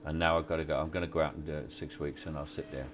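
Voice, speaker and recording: A man, giving relaxed, halting interview answers on location at a film set, with many restarts and wry chuckles. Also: rumbling low, background noise. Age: 60s. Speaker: actor interviewee.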